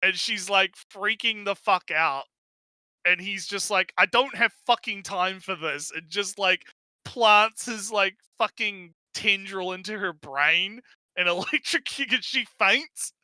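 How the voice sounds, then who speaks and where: A man recapping a story in casual stream chat, swearing often, laughing and stumbling over his words in excitement. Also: high-pitched, slow pace, clean tone, no echo. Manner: profane, excitable, laughing, with many fillers. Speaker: co-host of a review stream.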